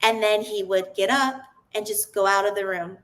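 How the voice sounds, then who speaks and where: A woman's voice: mid-range voice, moderate pace, a bit bright, poor audio. A woman, a podcast guest, telling her personal story in an earnest, open way, often restarting her sentences.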